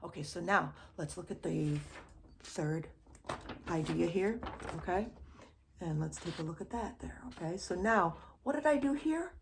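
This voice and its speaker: A woman's voice: lowish voice, unhurried, vocal fry, a little hiss or hum. A woman giving a casual drum lesson, counting beats aloud and often checking with "okay?". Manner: relaxed, often adds "okay?". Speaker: drum teacher. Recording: drums playing behind the voice.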